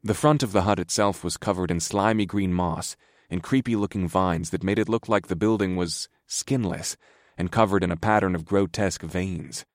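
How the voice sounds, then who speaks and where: Deep-voiced wry male audiobook narrator. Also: steady tone, normal speed, no room sound, studio quality. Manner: wry, grumbling, understated. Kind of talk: first-person fantasy narration.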